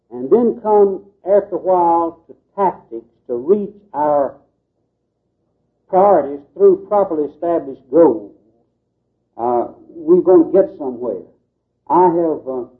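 A man giving an earnest, preacherly talk to a group, with folksy asides. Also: a little high. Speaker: Baptist missions speaker. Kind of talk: lecture to a group. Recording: tinny phone-like old tape recording.

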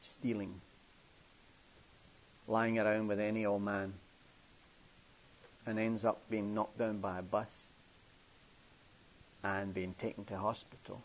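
A man's voice: little pitch movement, unhurried, pauses often. An older man from England preaching a storytelling sermon, acting out characters' voices inside his stories. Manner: acts out children's voices in a high pitch within stories. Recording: muffled, hissy old tape.

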